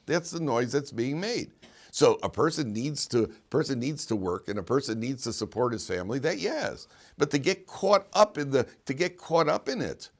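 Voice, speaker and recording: Speaking expressively at normal speed in a mid-range voice, a man teaches a yeshiva class as its rabbi. His Torah lesson is informal, peppered with rhetorical questions and restarted phrases.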